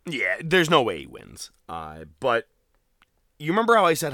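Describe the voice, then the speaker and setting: A man tells stories with animated energy, slipping into quoted voices and swearing freely. His voice is bright and forward. The recording is dry and close, with no room sound. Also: mid-range voice, moderate pace, no echo. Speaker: podcast co-host. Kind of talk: casual wrestling recap chat.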